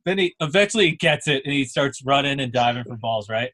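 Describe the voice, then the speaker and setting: A man's voice: a little high, a little fast, hardly any pauses. Casual young man telling a story. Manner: lively storyteller, says "right?" and "dude" often. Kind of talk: casual chat.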